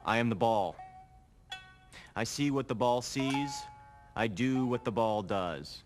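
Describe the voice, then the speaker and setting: A man's voice: medium pitch, slow pace, soft background music, close to an everyday voice. An actor playing an intense male coach who gives solemn, clipped instructions. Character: intense older male sports coach, mentor.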